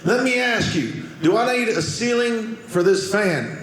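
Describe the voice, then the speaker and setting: A man voicing a loud, clueless male customer in hunting gear, with a high, dim-witted yelp. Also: lively intonation, measured pace. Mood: puzzled. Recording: echoey club with audience noise.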